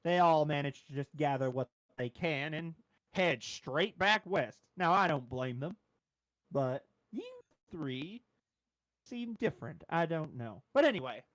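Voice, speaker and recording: A man's voice: a little high, lively intonation, a little slow, a bit bright, no room sound. A man voicing a cheerful woman arms dealer with big poofy hair, chatting up customers in a tabletop game. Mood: confiding. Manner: chipper, shopkeeper patter.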